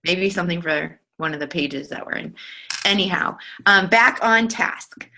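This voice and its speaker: Chatty, bright-voiced woman on a team call. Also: lowish voice, normal speed, slight background noise, poor audio. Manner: chatty, giggly, many fillers. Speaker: team leader hosting a coaching call. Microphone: online group call.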